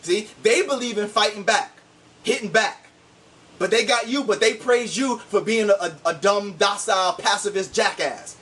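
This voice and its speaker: Combative high-voiced man ranting from afar. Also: normal speed, fairly bright tone, distant mic. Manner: combative and insulting, repeats "see?". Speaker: online commentator. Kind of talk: heated video rant.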